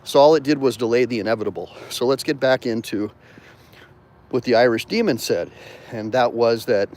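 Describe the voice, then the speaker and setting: A man hosts a rambling livestream outdoors as he walks, his voice sitting at a middle pitch. He talks in a loose, digressive way and breaks off to thank viewers. The tone is that of an attorney chatting casually with his audience. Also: normal speed, darkish tone. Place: outdoors, walking.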